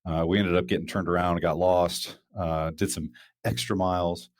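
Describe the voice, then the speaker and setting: A man with a deep, steady voice talks at a moderate pace while hosting a casual podcast. He rambles, using many fillers and restarts. The audio is clean studio sound with no echo.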